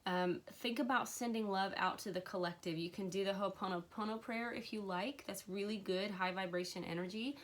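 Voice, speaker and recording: A woman with a cold hosting a casual spiritual livestream, earnest and emotional, with fillers and soft laughs. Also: medium pitch, a little fast, hardly any pauses. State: has a cold, occasional cough. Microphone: livestream camera mic.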